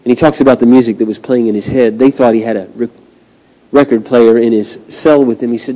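A male pastor preaching a sermon, swinging from hushed, slow passages to loud, drawn-out climaxes. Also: mid-range voice, fairly even intonation, muffled recording. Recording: long reverb of a large hall.

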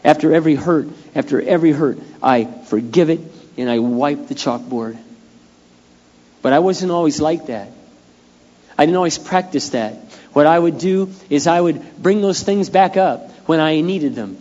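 A middle-aged man preaches to a congregation in a candid, talky style, dropping to quiet asides and rising to loud outbursts. His voice sits a little high. The sound is dull and lo-fi, with a long reverb from a large church hall. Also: measured pace. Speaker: pastor. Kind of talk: sermon.

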